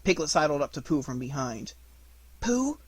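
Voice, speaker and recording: Man reading a storybook aloud, animated. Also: on the high side, fairly quick, no room sound. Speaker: audiobook reader. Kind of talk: storybook narration.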